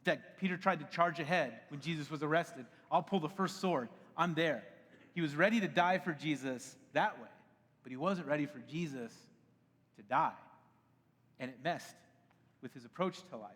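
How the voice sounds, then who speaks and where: A man in his thirties preaching from a church stage, talking to the crowd like he is chatting with friends and often laughing at himself. His voice sits a little on the high side. The sound rings with the long echo of a large worship hall. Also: moderate pace. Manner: conversational and animated, laughs often. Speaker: pastor. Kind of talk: sermon. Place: church auditorium.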